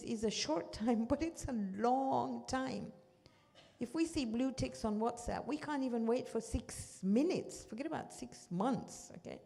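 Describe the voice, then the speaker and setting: A woman teaching a class on scripture, telling the story with acted-out quotes and often checking in with her listeners. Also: vocal fry. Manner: storytelling, acts out quotes with lively pitch jumps. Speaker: Quran teacher. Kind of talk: religious class talk. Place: community centre hall.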